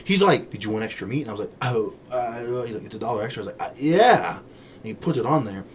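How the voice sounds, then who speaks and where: A man co-hosting a podcast, chatting casually and telling lively stories, acting out the people he quotes and laughing often. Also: on the low side, quick pace, breathy edge. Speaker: podcast co-host. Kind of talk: casual chat.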